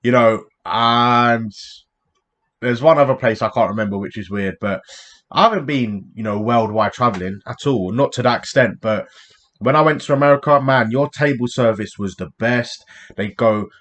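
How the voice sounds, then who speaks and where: A man's voice: mid-range voice, normal speed, a bit bright. A British man chats loosely and bluntly to his viewers, dropping "man" at the end of his thoughts. He reacts as he goes, in an everyday casual way. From United Kingdom. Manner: chatty, blunt, addresses viewers directly with "man". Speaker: reaction video host. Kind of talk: casual chat.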